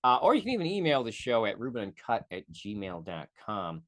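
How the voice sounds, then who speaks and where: A man hosting a podcast, casually reviewing a movie on his own, rambling and correcting himself, with profane asides and quick mock voices. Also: on the low side, huge pitch swings. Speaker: podcast host.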